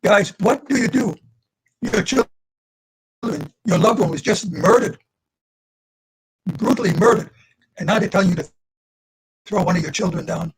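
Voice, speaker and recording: A man's voice: sits high, normal speed, pauses often, slightly rough, rough recording. A man in his eighties, a survivor giving an earnest livestreamed talk to students over a video call and speaking straight to his listeners. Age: 80s. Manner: earnest, addresses listeners directly.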